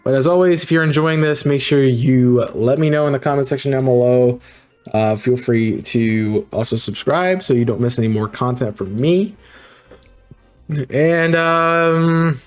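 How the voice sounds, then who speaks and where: A man hosting a let's play, talking in a casual, rambling way with fillers and joking asides. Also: medium pitch. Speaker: gaming channel host.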